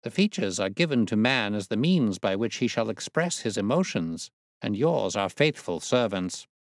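A clever, wry detective speaks with precise, patient explanation, his pitch moving in a lively way, as a man reading aloud puts him on. The recording is dry and close, like a quiet storybook reading. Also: moderate pace, no echo. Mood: amused, explaining. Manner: precise, explanatory, lightly teasing. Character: sharp, amused male detective, middle-aged. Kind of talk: audiobook reading.

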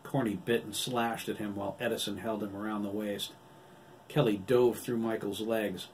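A man with a lowish voice narrates his novel in a steady, even way. He sits a little back from the mic, and a faint hiss of noise stays under his voice. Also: normal speed, recorded from a distance, low-quality recording. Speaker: author reading his own novel. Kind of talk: audiobook narration.

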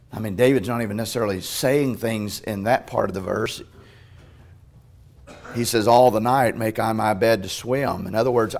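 A male pastor preaching a sermon in a church, swinging between hushed, tender passages and loud, urgent ones, with frequent restarts. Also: lowish voice, gravelly. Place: church sanctuary.

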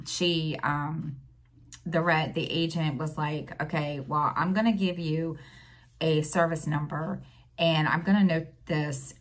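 A woman's voice: low voice, a bit bright. A middle-aged woman vlogging in casual chat, rambling with many fillers and restarts, telling an exasperated story with sighs.

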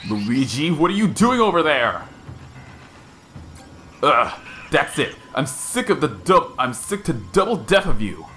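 Villain read: man doing a sneering ghost king, melodramatic, lively swings in pitch. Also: a little slow, long pauses, faint music behind, exaggerated voice. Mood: furious. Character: gloating male ghost king villain, theatrical. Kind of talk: reading game dialogue aloud.

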